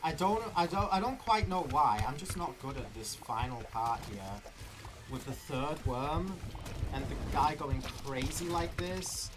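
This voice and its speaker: A man streaming live gameplay, talking himself through it in an excitable, nervous way. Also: fairly high pitch, unhurried, background noise. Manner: excitable, nervous self-talk. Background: game music.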